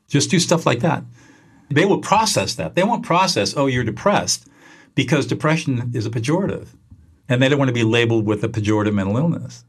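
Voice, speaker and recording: A man's voice: mid-range voice, fast, breathy edge. Passionate man explaining a method. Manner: passionate, animated, acts out example dialogues. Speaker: guest expert. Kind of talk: podcast interview, teaching.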